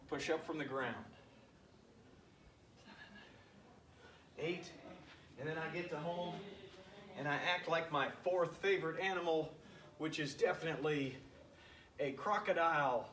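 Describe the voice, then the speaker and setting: A man's voice: fairly high pitch, fairly bright tone, slight background noise. A man who is a PE coach, counting reps and encouraging his class while doing the workout himself. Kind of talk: workout instruction video. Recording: echoey room picked up from a distance.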